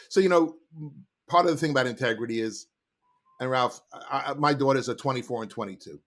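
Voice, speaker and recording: A middle-aged man, a sales trainer, telling stories in an animated, emphatic way as a podcast guest. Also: medium pitch, brisk. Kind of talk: casual interview talk.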